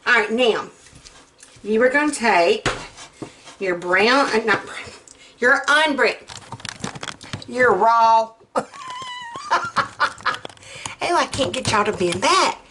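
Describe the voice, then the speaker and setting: Lady rambling thru a recipe in her kitchen, kinda high voice, folksy and chatty. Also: animated, takes it slowly, long pauses, sharp tone, a little hiss or hum. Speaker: home cook host. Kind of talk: casual cooking demonstration. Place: home kitchen.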